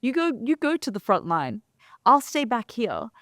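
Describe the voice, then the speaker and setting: A woman's voice: on the high side, very animated, moderate pace, a bit bright, dry recording, studio quality. A woman co-hosting a conversation show, recounting a reporting trip and acting out the lines of the people she met. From came from London. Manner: vivid storytelling, quoting others in dialogue. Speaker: journalist and co-host. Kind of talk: casual storytelling conversation.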